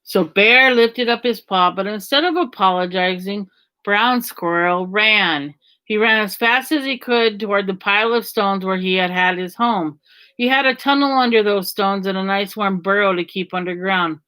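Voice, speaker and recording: A woman reads a children's story aloud in a mid-pitched voice. She keeps a gentle, even storytelling pace. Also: normal speed.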